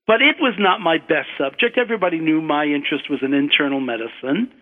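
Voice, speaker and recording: An older man with an American accent tells a digressive personal story at an unhurried pace, often backing up to correct himself. His voice sits somewhat high. The sound is narrow and phone-like, with a long, echoing reverb. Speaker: storyteller, guest. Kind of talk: personal anecdote on radio. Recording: tinny phone-like radio line with long hall reverb.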